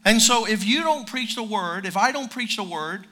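Male pastor, high bright voice, emphatic repeating sermon delivery. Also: expressive, moderate pace. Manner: drops to a quiet storytelling voice.

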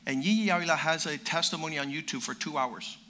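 High, bright-voiced preacher man. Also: fast, slight background noise. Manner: emphatic, repeats phrases for emphasis; drops to a quiet storytelling voice. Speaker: pastor. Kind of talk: sermon.

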